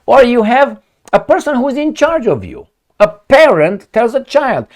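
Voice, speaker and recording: Mocking, animated male commentator. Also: very high-pitched, a little slow. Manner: sarcastic, mocking, emphatic. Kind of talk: profane political commentary.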